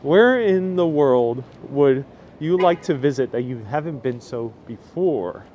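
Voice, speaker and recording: A man's voice: a little high, expressive, unhurried, dull audio. Walking-tour host, man, casual rambling chatter to live viewers, lapel mic outdoors with light street noise. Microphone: wireless lapel mic.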